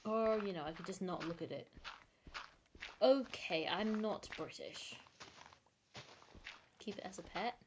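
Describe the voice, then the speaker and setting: A woman's voice: lowish voice, normal speed, pauses often, background noise. A woman streamer chatting to herself with wry asides while playing a game. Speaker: gaming streamer. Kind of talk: casual gameplay commentary.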